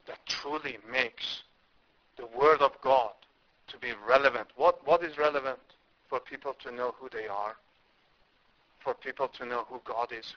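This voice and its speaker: A man's voice: medium pitch, fairly bright tone. A man from India preaching a sermon, impassioned, with emphatic rises and repeated words. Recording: dull lo-fi recording.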